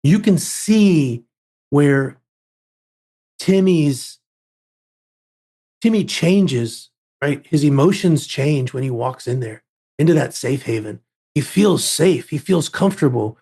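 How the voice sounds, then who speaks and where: A man's voice: a little high, lively intonation, slow pace, long pauses, warm tone, breathy edge. A man who is a guest on a podcast interview, telling a story in an emphatic way and often repeating words as he builds up a point.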